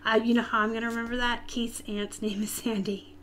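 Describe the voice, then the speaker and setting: A woman's voice: on the high side, level tone, fairly quick, fairly bright tone, a little hiss or hum. A woman from Arizona with a light Southern US accent, hosting a casual live stream and answering viewers' chat comments directly. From Tucson, Arizona, US.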